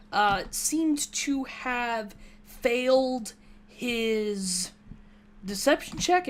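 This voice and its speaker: A woman with a mid-range voice talks casually over her gameplay. She rambles through a story and pokes fun at herself along the way, like a relaxed gaming commentary. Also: mid-range voice, a little hiss or hum. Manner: rambling, chatty storytelling with self-mocking asides. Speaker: gaming YouTuber. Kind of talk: casual gameplay commentary, recounting a tabletop session.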